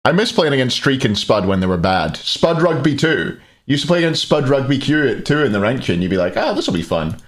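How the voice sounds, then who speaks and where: Very animated and fairly quick, this esports caster and stream host speaks in a mid-range voice. His commentary blends with joking, chatty banter aimed at his chat.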